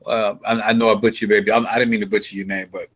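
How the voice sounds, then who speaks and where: A man's voice: lowish voice, flat delivery, very fast. A man hosting a casual livestream interview, folksy and full of sayings, often repeating his words as he talks. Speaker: livestream host.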